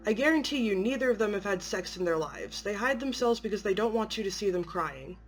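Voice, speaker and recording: Woman doing a resentful young male creation, low flat delivery, faint music under it. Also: a little fast, close to an everyday voice. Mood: bitter. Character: weary, bitter young male humanoid creation. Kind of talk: amateur story reading.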